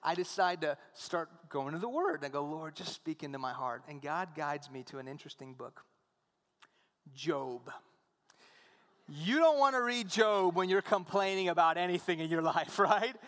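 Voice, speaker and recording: A man preaching a sermon, telling stories and acting out the dialogue in an animated way. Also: fairly high pitch, moderate pace, long reverb tail. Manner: animated storytelling, acts out dialogue.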